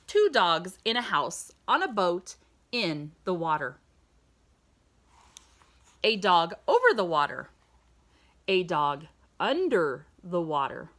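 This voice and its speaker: A woman reading a children's picture book aloud in a sing-song storytime voice, pausing to ask the listener questions. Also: lowish voice, very animated, fairly bright tone.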